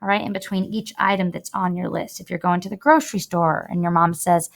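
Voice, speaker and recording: A woman's voice: on the low side, fairly even intonation, fairly quick, creaky. A woman teacher giving a chatty, emphatic writing lesson to students while recording her screen, drawing out words as she demonstrates.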